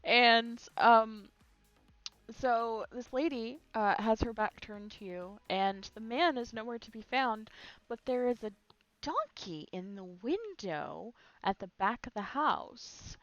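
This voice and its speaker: A woman's voice: a little high, expressive, slow pace, fairly bright tone, no echo, muffled recording. A woman narrating as game master of a live-streamed tabletop game, chatty with frequent fillers. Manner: chatty, uses many fillers.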